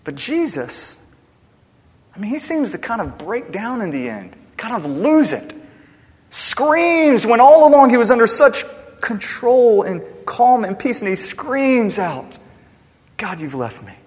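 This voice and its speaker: A man preaching a sermon with passion, swinging between loud emphasis and hushed, quiet lines. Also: very high voice, sing-song, measured pace. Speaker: pastor. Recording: long hall reverb.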